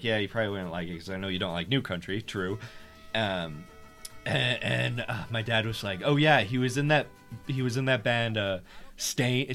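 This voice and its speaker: A young man co-hosting a podcast, telling a story in casual chat, swearing often and getting loud when heated. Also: on the low side. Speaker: podcast co-host.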